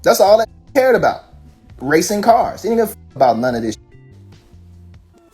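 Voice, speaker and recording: A rapper ranting casually, profane and fired up, firing off rhetorical questions. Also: male voice, high-pitched, big pitch swings, unhurried, a little mellow, soft background music. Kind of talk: casual rant.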